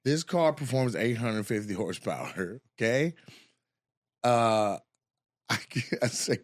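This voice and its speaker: A man's voice: mid-range voice, slow, no room sound, clean studio sound. A man hosting a casual podcast chat, a comedian who tells stories animatedly, swears freely and laughs a lot. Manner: animated storyteller, profane and laughing. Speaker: podcast host.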